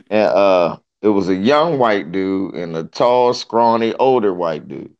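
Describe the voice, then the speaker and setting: A man hosting a casual podcast, telling profane, animated stories with quick jokes. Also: low voice, vocal fry, highs cut off. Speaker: podcast host. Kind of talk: casual chat.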